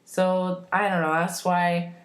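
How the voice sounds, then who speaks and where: A woman's voice: on the low side, level tone, slow. A woman rambling enthusiastically in a casual fan vlog, full of fillers and self-corrections. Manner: enthusiastic, opinionated. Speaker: vlogger.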